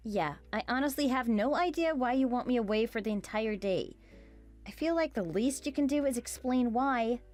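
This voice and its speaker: A woman's voice: fairly high pitch, lively intonation, moderate pace, a little mellow, faint music behind, lightly acted. A woman voicing a puzzled, reasonable young roommate. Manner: questioning, reasonable.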